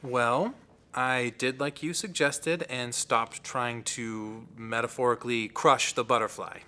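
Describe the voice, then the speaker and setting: A man's voice: medium pitch, fairly even intonation, slow pace, sharp tone. An actor playing an earnest, hopeful man sharing in a support group.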